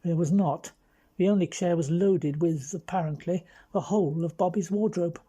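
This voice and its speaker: A woman with an English accent reading a mystery novel aloud in a measured, wry way. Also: fairly low pitch, dark tone, slightly rough. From London. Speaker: audiobook reader. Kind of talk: scripted narration.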